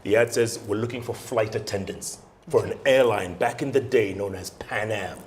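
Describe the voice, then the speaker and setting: A man's voice: on the low side, moderate pace, a little hiss or hum. A man in his late fifties, telling his story in an interview and acting out the voices of other people in it. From Kenya. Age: late 50s. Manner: animated storyteller acting out dialogue. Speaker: guest news anchor.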